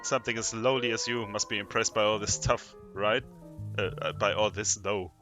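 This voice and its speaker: A man's voice: fairly low pitch, steady tone, normal speed, sharp tone. A man voicing an arrogant, bloodthirsty male evil knight from a game, boastful and taunting, over game music. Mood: gloating. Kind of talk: reading game dialogue aloud.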